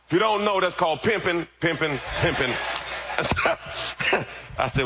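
A man's voice: on the high side, expressive, moderate pace, very noisy. A middle-aged man preaching a sermon, firing call-and-response questions at the congregation. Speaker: pastor.

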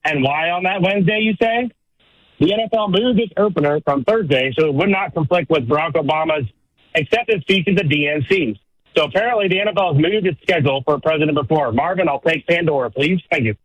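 A man's voice: fairly high pitch, quick pace, no echo. A man calling into a radio show to share a sports trivia stat in an upbeat, conversational way. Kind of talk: phoned-in stat of the day. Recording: dull lo-fi phone line.

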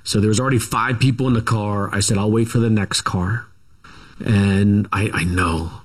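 Rambling low-voiced man telling stories. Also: steady tone. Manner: rambling, halting, full of asides. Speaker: guest. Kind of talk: casual storytelling interview.

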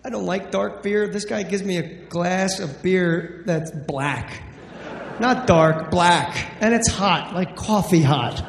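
A man's voice: high-pitched, slow, vocal fry, a little hiss or hum. Brash profane stand-up comedian man. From New Jersey. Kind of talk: stand-up routine. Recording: echoey live club with long reverb.

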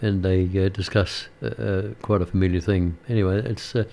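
Older man, radio presenter, low voice, rambling casual chat, lots of ums and restarts. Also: steady tone, fairly quick, gravelly, a little mellow. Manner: rambling, many fillers and restarts.

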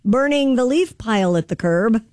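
A woman's voice: a little high, expressive, moderate pace, a little mellow, no room sound, clean studio sound. Woman co-hosting chatty radio show. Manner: upbeat, reads news items. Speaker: radio co-host. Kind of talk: casual radio chat.

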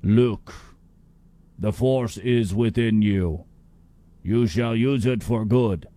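A man voicing a wise, ghostly old male mentor who speaks as a hologram, slow and solemn, in a mock foreign accent. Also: lowish voice, dark tone.

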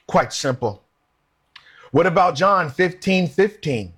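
A man preaching a sermon in an earnest, conversational way, asking the listeners questions and slowing down to read scripture aloud. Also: fairly high pitch, lively intonation, a bit bright, slightly rough.

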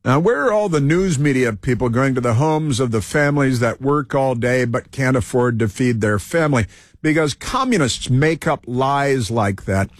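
Rambling talk show host, dry close mic. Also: male voice, mid-range voice, lively intonation, dry recording. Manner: rambling, halting, many fillers and restarts. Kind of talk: rambling opinion monologue.

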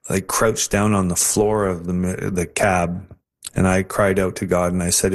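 A man, telling his personal testimony in an earnest, halting way as an interview guest. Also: on the low side.

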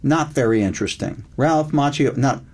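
Reflective older man musing slowly. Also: mid-range voice, darkish tone, slightly rough. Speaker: screenwriter guest. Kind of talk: casual interview chat.

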